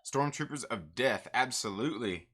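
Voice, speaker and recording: A man hosting a comics live stream in a loose, animated way, often repeating himself. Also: medium pitch, normal speed, slightly rough. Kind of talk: casual live stream chat.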